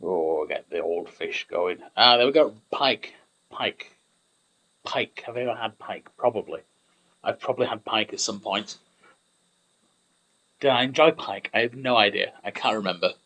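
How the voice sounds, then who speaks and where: A man's voice: medium pitch, normal speed, long pauses, sharp tone, low-quality recording. A young man rambling through casual gameplay commentary, chatty and self-mocking.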